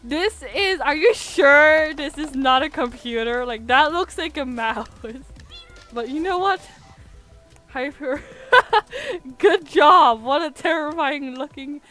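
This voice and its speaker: A woman's voice: high-pitched, slow, fairly bright tone, faint music behind. A woman streaming a building game, chatting in a self-mocking way and breaking into laughs and squeals. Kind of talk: casual game-stream commentary.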